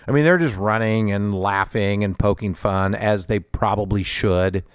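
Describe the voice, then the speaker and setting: A man's voice: lowish voice, a little slow, smooth, no echo, clean studio sound. A middle-aged man hosting a podcast, telling a personal story in a conversational, self-deprecating way with frequent laughs. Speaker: podcast host.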